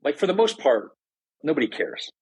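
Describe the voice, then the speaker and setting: A man's voice: fairly high pitch, big pitch swings, normal speed, husky, rough recording. A middle-aged man, a podcast guest, telling his story candidly and explaining ideas in a conversational way.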